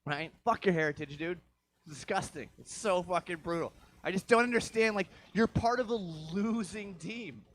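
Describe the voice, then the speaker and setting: A man's voice: high-pitched, moderate pace, fairly bright tone, a little hiss or hum. A man doing a crude, rambling stand-up set, swearing often and checking in with the crowd. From Vancouver area, Canada. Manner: crude, profane, rambling with frequent "right?". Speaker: stand-up comedian. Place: comedy show stage.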